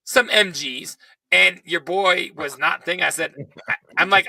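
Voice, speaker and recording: A young man telling a story in casual podcast chat, animated and swearing, while he is losing his voice. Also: on the high side, normal speed, gravelly, dry recording, far from the mic. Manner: animated, swearing, quoting himself. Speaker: podcast co-host.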